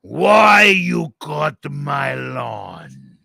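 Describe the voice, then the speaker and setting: A man doing a loud old Italian neighbor. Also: on the high side, big pitch swings, creaky, slightly rough, no room sound, clean studio sound, voice pushed up, exaggerated voice. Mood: indignant. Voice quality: loud, slow, indignant.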